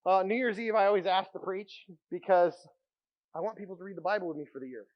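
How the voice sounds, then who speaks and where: A man preaching a sermon as pastor, telling stories with animated energy and dropping to a hush for quiet moments. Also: high voice, fast, dull audio. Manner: animated storytelling, drops to a hushed voice for quiet moments.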